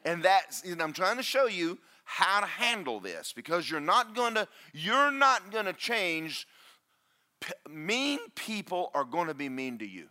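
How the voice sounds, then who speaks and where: A man preaching a sermon as pastor, loud and booming, with self-deprecating humor. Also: very animated, a little slow. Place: church.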